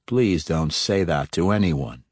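A sly, wry dark elf rogue, read by a male narrator, pressing his questions with a teasing edge. The voice sits very low, and the sound is dry and close. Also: animated, measured pace, dry recording. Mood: probing. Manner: probing, slyly teasing.

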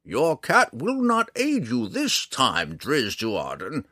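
A proud, wry old forest ranger booms out his lines slowly and grandly, as a male audiobook narrator puts him on. The voice sits well above the reader's own low register and swings widely in pitch. It is a little husky and sounds dry and close. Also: huge pitch swings, fairly bright tone, dry recording, heavily acted. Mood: stern. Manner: slow, booming, theatrical delivery.

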